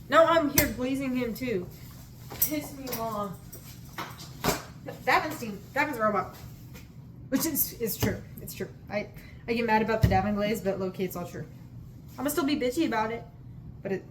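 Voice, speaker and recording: A woman's voice: on the high side, noisy background. A woman telling stories in a casual vlog, gushing and giggly, rambling from one thing to the next. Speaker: student and vlogger.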